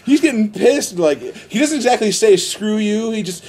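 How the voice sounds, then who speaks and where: Rambling, excitable man retelling a film. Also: high-pitched, fairly quick, slightly rough. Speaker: podcast host. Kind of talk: casual chat.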